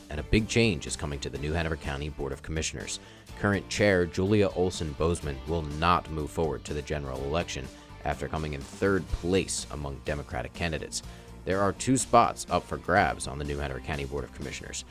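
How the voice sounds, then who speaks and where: A man reading local news as a TV anchor, in a measured, formal delivery. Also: rumbling low, soft background music.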